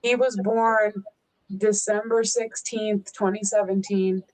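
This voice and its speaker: A woman's voice: mid-range voice, fairly even intonation, slow, darkish tone, rough recording. A woman co-hosting a casual live-stream chat, talking fondly and in baby-talk to her dog between stories. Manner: baby-talks to her dog, chatty and fond. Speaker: co-host.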